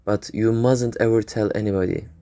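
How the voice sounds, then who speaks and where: A man's voice: fairly low pitch, steady tone, moderate pace, warm tone, lightly acted. A man reading as a shy young schoolgirl. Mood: coaxing. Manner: reads with hesitant hums.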